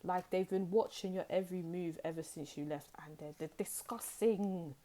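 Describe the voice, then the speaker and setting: A woman with a British accent gives a casual tarot reading straight to her viewers. Her voice sits low and sounds mellow. She chats freely and slips into playful voices when she quotes other people. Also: moderate pace. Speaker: tarot reader.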